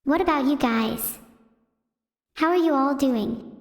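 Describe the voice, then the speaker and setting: Give me a deadpan synthetic girl doing stand-up for her chat, with a long reverberant tail. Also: high-pitched, unhurried. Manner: deadpan, chatting with viewers. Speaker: AI streamer host. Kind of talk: stand-up comedy stream. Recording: roomy reverberant sound.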